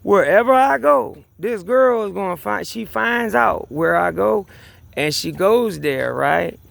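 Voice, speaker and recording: A man with a high, gravelly voice tells his side of a story in a rambling rant. He sounds agitated and swears freely, circling back to repeat his point and restarting his sentences. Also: expressive, unhurried, a bit bright, dry recording. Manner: agitated, profane, repeats himself, many restarts. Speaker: vlogger. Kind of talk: rambling personal rant to camera.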